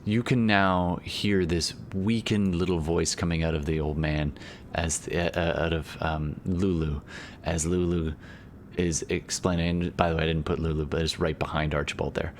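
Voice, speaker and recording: A man with a very deep voice narrates a tabletop game as its game master. He rambles and restarts often. A faint hiss sits under the recording. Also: fairly even intonation, normal speed. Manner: meandering, many fillers and restarts.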